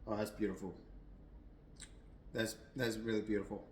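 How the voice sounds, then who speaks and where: A man's voice: lowish voice, level tone, moderate pace, roomy sound, a little hiss or hum, poor audio. A young adult man giving a casual, rambling whiskey tasting review at home, a little tipsy, with lots of fillers and restarts.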